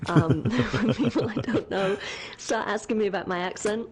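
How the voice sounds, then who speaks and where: A woman's voice: medium pitch, moderate pace, a loud crowd, low-quality recording. A woman with a British accent, co-hosting a gaming stream in casual chat, talking freely and laughing often. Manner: chatty, laughs often, teasing. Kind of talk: casual chat over gameplay.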